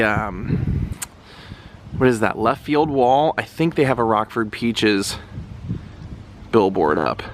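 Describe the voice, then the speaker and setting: A man's voice: medium pitch, slight background noise. Chatty man vlogging outdoors. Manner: rambling, chatty, with frequent ums. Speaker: travel vlogger visiting film locations. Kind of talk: casual walking vlog narration. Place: outdoors around a baseball stadium.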